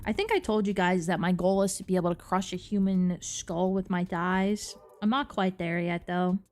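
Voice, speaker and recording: A woman's voice: lowish voice, steady tone, normal speed, darkish tone. A young woman from New Jersey with a New Jersey accent, chatting casually on a live stream, reading chat aloud, playful and giggly, swearing freely. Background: faint background music.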